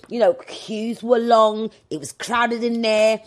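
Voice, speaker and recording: A woman's voice: fairly high pitch, fairly even intonation, slow pace. A young woman hosting a casual solo podcast, telling rambling, digressive stories in a chatty way. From London. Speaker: podcast host.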